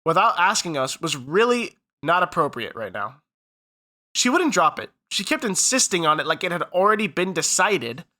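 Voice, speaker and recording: Bright-voiced man reading a story. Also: a little high. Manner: reads story text aloud, then casual banter with swearing. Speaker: podcast co-host. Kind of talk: reading a story aloud then chatting.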